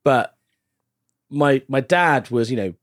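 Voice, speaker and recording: A man, a stand-up comedian, chatting casually as a podcast guest and telling stories in a lively way. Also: mid-range voice, takes it slowly, dry recording, clean studio sound. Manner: animated storytelling with frequent laughs.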